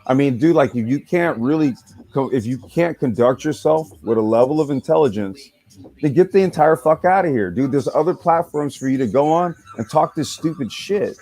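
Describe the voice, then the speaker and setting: A man's voice: medium pitch, lively intonation, normal speed, mellow. A man hosting a casual podcast chat, ranting with exasperation and a lot of profanity. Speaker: podcast host.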